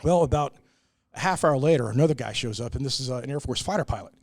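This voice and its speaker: Middle-aged guy telling brewery stories, lots of uh's, dry close sound, middle pitch. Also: fast, a little mellow, no room sound. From United States. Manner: earnest, many "uh"s, acts out quoted people. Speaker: brewery owner, guest. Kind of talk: casual storytelling in a podcast interview.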